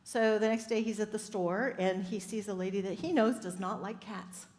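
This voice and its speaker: A woman's voice: mid-range voice, fairly even intonation, moderate pace, darkish tone. A woman minister giving an upbeat sermon, telling stories and laughing often. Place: church sanctuary. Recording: echoey hall with faint ambience.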